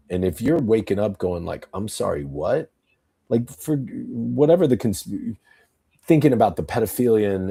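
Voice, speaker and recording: A man's voice: low-pitched, mellow, husky. A man in casual podcast talk, ranting bluntly with heavy swearing and telling stories with acted-out quotes. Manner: blunt, profane, rambling political rant.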